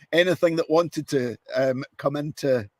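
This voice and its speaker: A man's voice: on the high side, takes it slowly. A man hosting a podcast, prompting his guest with brief questions and chuckles. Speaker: podcast host. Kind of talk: interviewing in casual chat.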